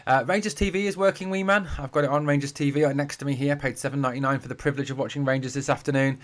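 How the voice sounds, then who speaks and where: A man's voice: mid-range voice, fairly even intonation, racing. A man from Durham with a northeast English accent, hosting a live football watch-along from home and chatting to viewers as he reads their comments. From Durham, northeast England. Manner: chatty, addresses viewers as mate and guys. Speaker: football fan channel host. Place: home room being packed up for a move.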